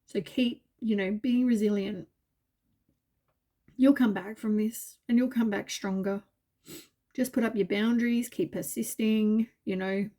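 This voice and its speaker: A tired woman reads tarot cards in a loose, rambling way, full of fillers and gentle reassurance. Her voice is mellow and soft at a middle pitch, and she sounds worn out. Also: fairly even intonation, measured pace. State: tired, yawning. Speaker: tarot reader. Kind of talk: casual tarot reading.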